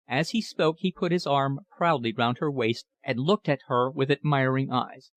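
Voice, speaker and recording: A man narrating a classic novel audiobook in a measured, even reading. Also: medium pitch. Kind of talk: scripted narration.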